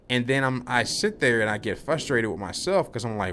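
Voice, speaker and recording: A man's voice: mid-range voice, expressive, a little fast, hardly any pauses, a bit bright, slight background noise. A young man vlogging, telling a rambling, laid-back story about work, full of slang. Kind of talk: casual rambling monologue.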